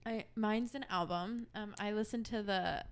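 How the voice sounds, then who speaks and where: A woman co-hosting a podcast, talking casually and getting animated about music. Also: medium pitch, normal speed, clean tone. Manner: animated, swearing when worked up. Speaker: podcast co-host. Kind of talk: casual chat.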